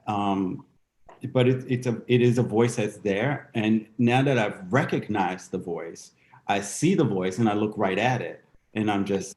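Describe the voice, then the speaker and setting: A man's voice: on the low side, measured pace, darkish tone. Reflective man with an echoey sound. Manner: reflective, thinks aloud with restarts. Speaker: guest dancer. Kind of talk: candid conversational interview.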